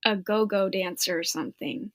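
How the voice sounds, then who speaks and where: A young woman co-hosting a podcast, chatting casually in a slow, measured way. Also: mid-range voice, fairly even intonation, dry recording. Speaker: podcast co-host. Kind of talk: casual review chat.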